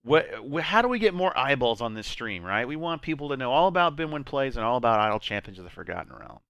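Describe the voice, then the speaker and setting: Male streamer host, casual playful banter, smooth clear voice, lively pitch, dry close sound, laughs a lot. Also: fast, no room sound. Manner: laughs often, rambling and playful.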